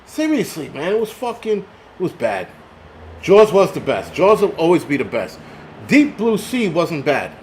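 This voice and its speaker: A man's voice: on the high side, big pitch swings, measured pace, darkish tone, a little hiss or hum. Profane ranting man on a live stream. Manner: profane, ranting, reads chat aloud. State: tipsy from liquor. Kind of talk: casual live stream rant.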